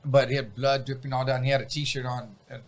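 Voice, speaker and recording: A man's voice: medium pitch, brisk. A man casually telling a story on a podcast, swearing freely and acting out sounds. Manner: profane, animated, acts out sounds. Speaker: podcast guest.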